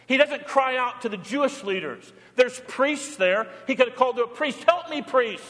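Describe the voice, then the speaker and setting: A pastor with a high, light voice preaches to his congregation at normal speed, the sound ringing through a reverberant church. He alternates plain teaching with brief acted-out pleas in a quoted voice, staying steady and earnest throughout.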